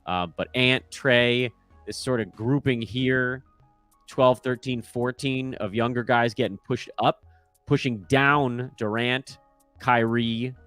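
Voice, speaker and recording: A man in his thirties talks through his commentary in an easy, offhand way at an ordinary pitch. He is quick to poke fun at himself. The mic sound is dry, with faint music underneath. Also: steady tone, fairly bright tone, smooth, no echo. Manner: offhand, self-deprecating. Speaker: host. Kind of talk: casual commentary. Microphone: microphone.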